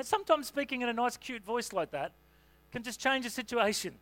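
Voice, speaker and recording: A man's voice: very high voice, expressive, brisk, a bit bright, no room sound. A man preaching a sermon in a conversational, humorous way, with asides and fillers. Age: adult parent.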